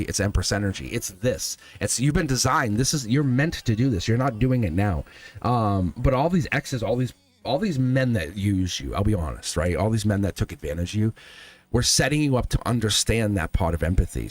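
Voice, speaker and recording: A man giving a live tarot reading, speaking earnestly and emphatically straight to the viewer. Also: fairly low pitch. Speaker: tarot reader.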